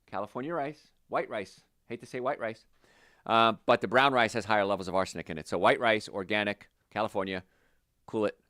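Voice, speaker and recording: A man's voice: fairly low pitch, dry recording, studio quality. A man working as a holistic health practitioner, answering viewer questions in a casual, chatty way and drifting into anecdotes. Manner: animated, chatty, drifts into stories.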